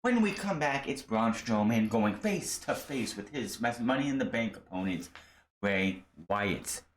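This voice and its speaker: A man's voice: fairly low pitch, animated, measured pace. Blunt, exasperated man reviewing wrestling. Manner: blunt, exasperated, rambling with restarts. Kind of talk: casual solo commentary.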